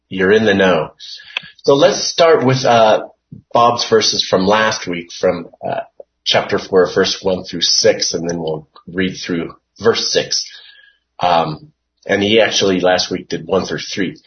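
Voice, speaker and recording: Slow, low-voiced man teaching Bible study. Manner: unhurried, hesitant with frequent fillers, explaining word by word. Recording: dull lo-fi recording.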